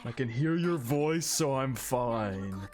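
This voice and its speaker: A man's voice: medium pitch, animated, slow pace, a little mellow. An actor playing a young male anime hero giving an earnest, impassioned speech to rally a frightened crowd.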